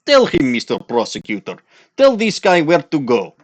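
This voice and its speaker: Casting: a man as a bombastic Russian-accented game villain, high and brash, lively swings. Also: normal speed. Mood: blustering. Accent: Russian (put on). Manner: loud, gloating, calls everyone comrade. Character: blustering Russian-accented male villain witness. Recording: faint music behind.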